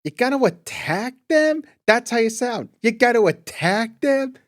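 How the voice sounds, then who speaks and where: A young man doing an impression of a loud, blustering cartoon dad, with a nasal, drawling delivery. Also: very high voice, very animated, unhurried, voice pushed up, exaggerated voice. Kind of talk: impression during podcast chat.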